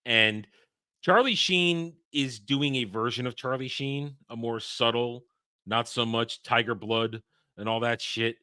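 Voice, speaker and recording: A man's voice: medium pitch, unhurried, bright, forceful tone, clean tone, dry recording, clean studio sound. A man hosting a casual film review chat, opinionated and emphatic as he rants. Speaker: podcast host reviewing a film.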